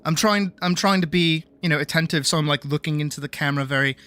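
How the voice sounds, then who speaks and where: A young man speaking slowly and softly in an English accent. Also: on the high side, clean tone, lightly acted.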